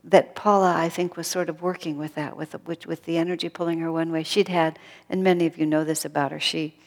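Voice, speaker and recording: A woman giving a thoughtful spiritual talk, dropping to a hush when she quotes others. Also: sits low, level tone, brisk. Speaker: spiritual teacher. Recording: long reverb of a hall.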